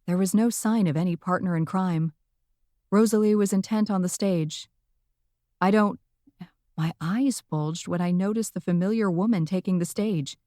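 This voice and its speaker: A woman reading a cozy mystery audiobook in the first person, with lively, wry storytelling on a close studio mic. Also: on the low side, moderate pace, no echo. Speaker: audiobook narrator.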